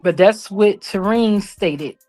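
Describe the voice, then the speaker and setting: A woman hosts a live stream in a casual, chatty way, speaking straight to her viewers. Her voice sits at a middling pitch, and faint music hums behind her. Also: slow pace, warm tone. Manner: chatty, addresses viewers directly. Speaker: live-stream commentary host.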